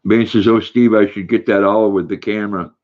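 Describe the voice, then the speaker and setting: A man's voice: lowish voice, fairly even intonation, brisk, darkish tone, lo-fi sound. An older man hosting a casual livestream, chatting and reading viewer comments aloud while talking to his dog. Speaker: livestream host.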